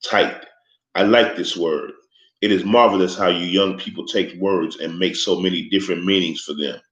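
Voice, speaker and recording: A man's voice: low-pitched, fairly even intonation, fairly bright tone. A man voicing an older, formal crime boss who speaks with a thick accent in a storybook reading. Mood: courteous. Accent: thick foreign accent. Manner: formal, polite, unhurried speech. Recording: echoey, slightly muffled room recording.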